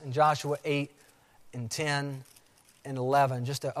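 A man preaching a sermon as pastor, with emphatic delivery that slows to repeat key phrases. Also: mid-range voice. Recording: long hall reverb.

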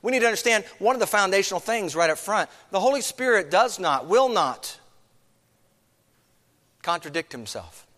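A man's voice: sits high, animated, moderate pace, pauses often, pushed and bright, long reverb tail. A man preaching a sermon as pastor, earnest, with many rhetorical questions.

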